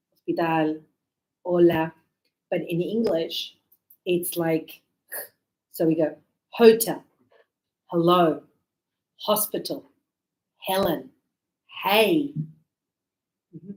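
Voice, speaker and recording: Slow, deliberate woman teacher. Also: lowish voice, darkish tone. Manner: slow, deliberate, models pronunciation. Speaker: English teacher. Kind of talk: classroom grammar lesson. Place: classroom.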